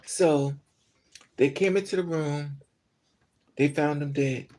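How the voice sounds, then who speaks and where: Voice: medium pitch, fairly even intonation, slow pace, darkish tone, slight background noise. A speaker venting in an emotional monologue, upset after crying all day, angry and profane, with many fillers. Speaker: vlogger.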